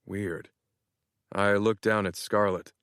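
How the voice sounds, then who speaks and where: A man narrating an audiobook in the first person, with a measured, even delivery on a close studio mic. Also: on the low side, clean tone, no echo.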